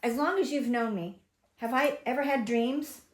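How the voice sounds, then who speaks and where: A woman's voice: fairly high pitch, normal speed. Older woman teaching Bible in echoey room. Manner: chatty, emphatic, asks the group questions. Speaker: Bible teacher at a home congregation. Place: home gathering room.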